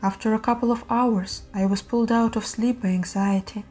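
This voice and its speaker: A woman narrating horror stories in a steady, measured reading voice. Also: on the high side, soft background music. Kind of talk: scripted horror story narration.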